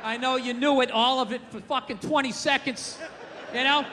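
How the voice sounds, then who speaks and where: A man doing stand-up comedy, loud and profane, often building to shouts. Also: very high-pitched, steady tone, normal speed, long reverb tail, a little hiss or hum.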